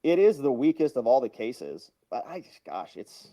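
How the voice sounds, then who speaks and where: Hosting a casual livestream, a man chats and chuckles, thanking viewers by name and reacting to their comments. His mid-range voice is mellow and sing-song, at a moderate pace.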